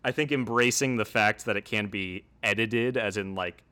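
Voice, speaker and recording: Bright, low-voiced young man. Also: normal speed. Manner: relaxed, reflective, explains at length. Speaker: podcast guest, video essayist. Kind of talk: casual conversation.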